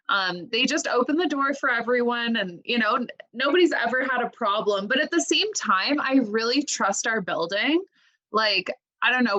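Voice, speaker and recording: Bright-voiced young woman chatting. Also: on the high side, lo-fi sound. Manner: chatty, full of "like" and "you know". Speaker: podcast co-host. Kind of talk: casual chat.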